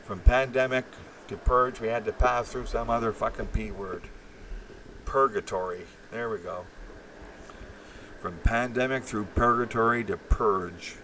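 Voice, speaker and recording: A man's voice: mid-range voice, a little slow, bright, forceful tone, far from the mic, slight background noise, rough recording. A man hosting a live stream, rambling profanely with many fillers and restarts while reacting to chat.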